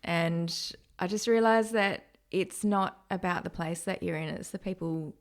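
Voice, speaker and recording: A woman in her thirties from Australia, appearing as a guest on a casual podcast interview. Her voice sits on the low side and moves at an unhurried pace, and she talks candidly, laughs a lot, and acts out the voices of people she quotes.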